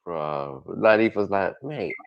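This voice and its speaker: A man with a very deep voice chats on a stream, retelling stories and often laughing. His pitch swings widely. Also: big pitch swings, normal speed, highs cut off. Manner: laughing storyteller. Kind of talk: casual reaction chat.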